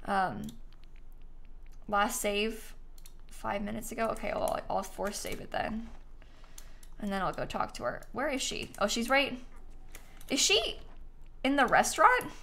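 Young female game streamer: casual, chatty, quick to laugh, with a slightly high voice and keyboard clicks behind. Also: very animated, vocal fry, pushed and bright, a little hiss or hum. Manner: chatty, reads quest text aloud, laughs easily. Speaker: gaming streamer. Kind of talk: casual live-stream commentary.

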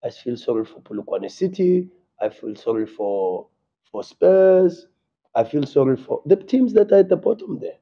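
At a post-match press conference, a South African football coach speaks with passion, repeating himself and often restarting with a stammer. His voice is fairly high with big pitch swings and a moderate pace, and the recording sounds muffled.

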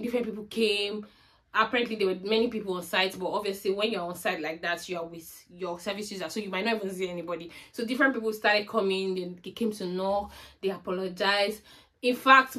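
A woman from Nigeria with a Nigerian accent, telling a personal story in a storytime vlog and acting out the dialogue. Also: medium pitch. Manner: animated storytelling that acts out remembered dialogue. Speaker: vlogger.

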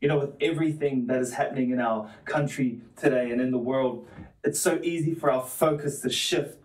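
A man's voice: medium pitch, brisk. A man preaching an earnest sermon as pastor, building his points with repeated phrases. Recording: roomy echo, mic at a distance.

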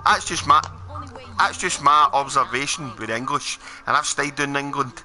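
Sharp-voiced Scottish man bantering. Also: mid-range voice, moderate pace. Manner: opinionated, sweary banter. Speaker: game streamer. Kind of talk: casual chat while gaming.

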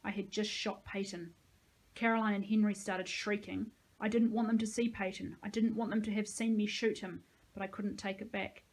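Female teacher, novel read-aloud, steady plain delivery, mid pitch. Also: normal speed, breathy edge.

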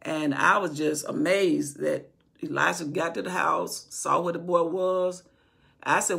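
A woman's voice: deep voice, fairly even intonation, unhurried, creaky, fairly bright tone, breathy edge. A woman telling a Bible story from memory in an informal teaching style, acting out what the people in it say. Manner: retells from memory, acting out quoted speech.

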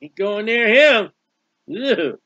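High bright-voiced male preacher. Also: slow pace, no echo, dull audio. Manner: expressive Bible reading with commentary, stretches words. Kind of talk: sermon.

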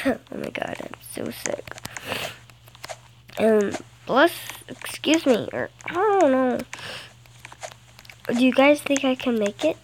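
Playful high-voiced girl gaming on a phone. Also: sing-song, very slow, long pauses, a little hiss or hum, poor audio. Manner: playful and chatty, gasps and sings in bursts. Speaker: gameplay vlogger. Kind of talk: casual game commentary. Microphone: phone screen recorder.

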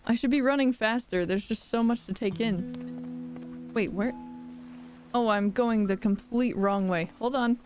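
A woman streaming a game live, gushing and excitable, gasping over cute things as she talks. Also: a little high, slow, pauses often, faint music behind.

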